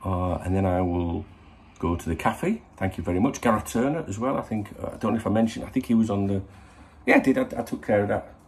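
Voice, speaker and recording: Fast and a little mellow, the lowish, gravelly voice belongs to a middle-aged man running a football channel. He chats to camera in a casual morning vlog, rambling and cursing freely.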